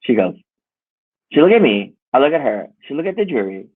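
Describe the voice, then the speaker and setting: A middle-aged man, telling animated, laughing stories in casual chat and quoting people as he goes. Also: medium pitch, fairly quick, husky, dry recording. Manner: animated, laughing storyteller with lots of voiced quotes. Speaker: musician and jewelry maker guest. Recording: tinny phone-like dry audio.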